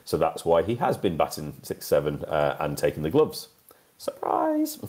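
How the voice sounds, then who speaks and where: Male co-host, very deep voice, casual upbeat scores rundown. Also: animated, normal speed, darkish tone. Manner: reads scores off notes, chatty and upbeat. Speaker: podcast co-host. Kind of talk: casual cricket podcast chat.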